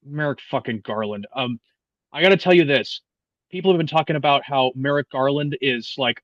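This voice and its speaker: A man's voice: mid-range voice, fairly quick, dry recording, dull audio. Young man ranting with profane energy. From United States. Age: 20s. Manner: profane, animated, many restarts. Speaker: guest. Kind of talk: casual political chat.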